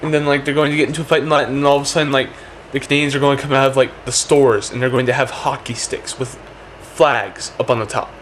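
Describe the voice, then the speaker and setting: A man's voice: medium pitch, fairly even intonation, a bit bright, slight background noise. A man rambling through a comic monologue, packing his talk with "like" and "check this out". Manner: rapid, full of "like" and "check this out".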